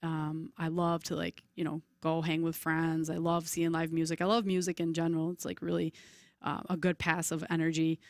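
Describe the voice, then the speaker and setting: A woman in her forties, a podcast guest in casual chat, telling lively stories and acting out voices. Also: deep voice, normal speed, no echo, studio quality. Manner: chatty, animated storyteller, acts out voices.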